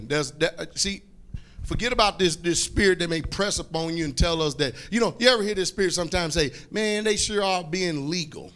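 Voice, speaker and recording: A man preaching a fiery sermon, repeating phrases, calling for responses and breaking into shouts. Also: high-pitched.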